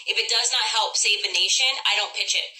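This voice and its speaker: A woman's voice: mid-range voice, quick pace, sharp tone, rough recording. A woman talking on an Instagram live as a spokesperson, pushing a product in an emphatic, insistent way.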